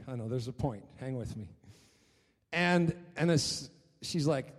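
A man preaching a sermon as pastor, telling stories in an animated way and often repeating his words. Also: medium pitch, moderate pace. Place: church hall. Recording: long reverb of a church hall.

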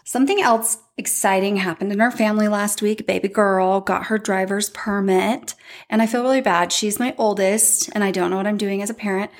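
A woman, hosting a podcast and telling personal stories in a lively way, often laughing and acting out what people said. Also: mid-range voice. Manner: animated, laughs often, acts out quotes. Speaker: podcast host. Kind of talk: personal storytelling.

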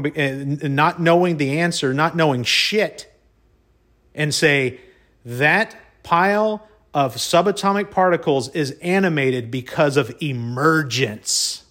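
A man telling a personal story in a casual monologue, excitable, often stumbling and repeating his words, peppered with "y'all" and mild cussing. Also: on the high side.

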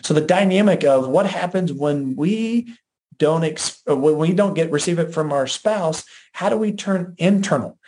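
A man with a slightly higher voice teaches on a faith-based podcast. He speaks earnestly, circling back and repeating phrases as he goes. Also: moderate pace, darkish tone, a little hiss or hum. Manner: repetitive, earnest, restarts phrases. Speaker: podcast host.

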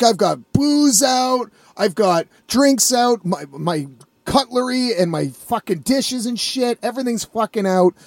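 Dude with a high voice rambling through a story, swears a lot, dry close sound. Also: male voice, no room sound. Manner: profane, rambling, animated. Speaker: vlogger telling a story. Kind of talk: casual storytelling.

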